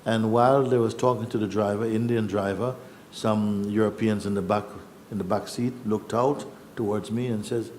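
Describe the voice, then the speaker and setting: Middle-aged male spiritual teacher, low voice, unhurried storyteller who chuckles and acts out voices, faint room noise. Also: fairly even intonation, a little mellow. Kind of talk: storytelling talk at a gathering. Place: yoga festival gathering.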